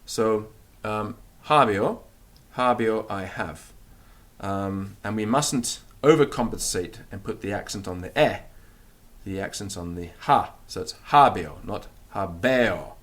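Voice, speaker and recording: A man teaching a recorded grammar lesson, explaining and repeating words slowly so they can be drilled. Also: fairly low pitch, fairly bright tone. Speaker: language teacher.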